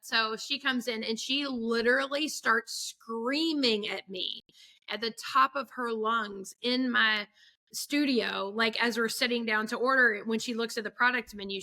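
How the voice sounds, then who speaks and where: A woman's voice: a little high, bright, forceful tone. A woman photographer, a podcast guest, telling stories in a chatty way, full of fillers and acted-out quotes. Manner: chatty storyteller, acts out quotes, many fillers. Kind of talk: casual podcast chat.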